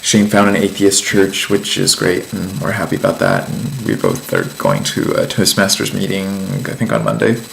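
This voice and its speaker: A man's voice: deep voice, expressive, normal speed, creaky, few pauses, a little hiss or hum, low-quality recording. A man giving a casual vlog life update, telling a story in a chatty, meandering way with lots of ums and likes. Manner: amused storytelling. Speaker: vlogger.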